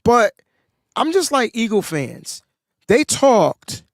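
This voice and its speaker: A man, a podcast co-host, telling a sports story in casual chat, animated and rising in pitch when he gets excited, a bit under the weather. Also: slow, no room sound, studio quality.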